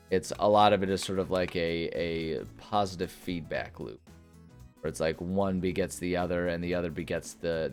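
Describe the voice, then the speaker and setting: A man hosting a gameplay video, chatting casually and rambling with many fillers. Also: deep voice. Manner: rambling, filler-heavy, relaxed. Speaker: gaming video host.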